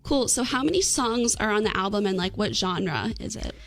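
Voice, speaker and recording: A woman's voice: medium pitch, lively intonation, normal speed, creaky. A young woman hosting a casual interview, upbeat and gushing over her guests' answers. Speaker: student interviewer, host.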